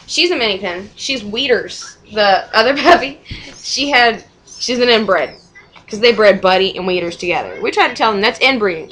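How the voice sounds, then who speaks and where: A woman's voice: medium pitch, expressive, moderate pace, a bit bright, slight background noise, rough recording. A young woman and mother chatting casually at home for a vlog, rambling, swearing freely and laughing often.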